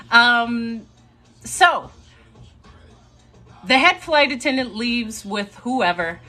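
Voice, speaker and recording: A young woman casually telling a story to a live audience, chatty and animated and laughing now and then. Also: fairly high pitch.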